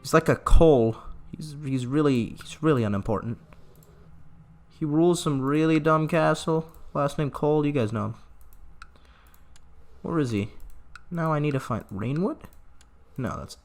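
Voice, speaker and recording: A man giving playful, sarcastic let's-play commentary on a strategy game, slipping into drawn-out mock grief and quick asides to his viewers. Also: on the high side. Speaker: gaming channel host.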